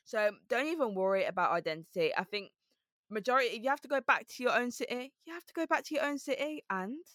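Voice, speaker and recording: A woman from Birmingham with a softened Brummie accent and a slight lisp, a guest speaking in an upbeat, emphatic way and repeating her key points. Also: on the high side, animated, fast talker, no echo, clean studio sound. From Birmingham, England. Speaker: podcast guest. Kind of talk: casual interview chat.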